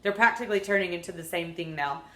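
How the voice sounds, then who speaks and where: A vlogger in her thirties chats casually and unedited to her audience, rambling, upbeat and earnest. Her voice is lowish, fast, pushed and bright, recorded in an echoey room.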